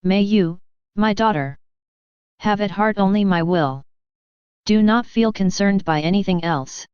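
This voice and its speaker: A woman reading the lines of Jesus as a gentle, loving divine speaker, slow and solemn, in a devotional reading. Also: medium pitch, clean tone, no room sound, lightly acted. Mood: tender solemn. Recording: dull lo-fi dry recording.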